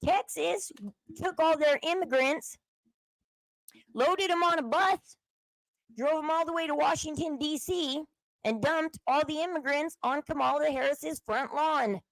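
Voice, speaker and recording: A woman's voice: sits high, a little slow, vocal fry, no room sound. A woman host giving casual, rambling commentary while browsing on her computer at home, acting out the people she quotes.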